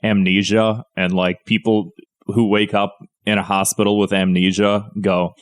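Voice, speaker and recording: Low-voiced rambling young man. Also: level tone, normal speed. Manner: rambling, profane, lots of fillers. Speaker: podcast co-host. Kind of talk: casual chat.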